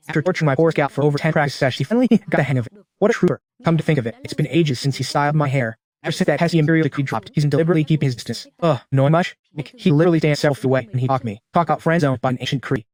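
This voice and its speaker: A man reels off a comic romance recap at a rapid clip, his voice sitting a little high for a man. He keeps the telling slangy, wry and teasing throughout. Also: darkish tone. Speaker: story recap narrator. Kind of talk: fast comic story recap in first person.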